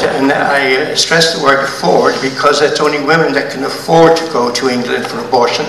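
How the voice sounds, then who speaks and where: Older man, emphatic, bright voice. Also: mid-range voice, steady tone, a little hiss or hum. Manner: emphatic, halting, stresses words. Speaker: audience member asking a question. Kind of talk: public debate question from the floor. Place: large hotel function room. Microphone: handheld mic passed through audience. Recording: echoey room, voice from far off.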